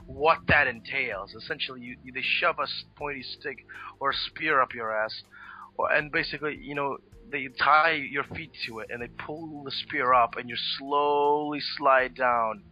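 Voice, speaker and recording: A man's voice: mid-range voice, normal speed. A man co-hosting a podcast, telling history stories in a rambling, swear-heavy casual chat. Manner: rambling storyteller, lots of swearing and fillers. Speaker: podcast co-host. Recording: dull lo-fi podcast audio with faint music.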